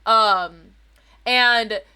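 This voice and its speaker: A woman's voice: a little high, steady tone, extremely slow, pushed and bright, clean tone. A woman streamer chatting casually to her viewers, telling a rambling story, swearing freely and correcting herself as she goes.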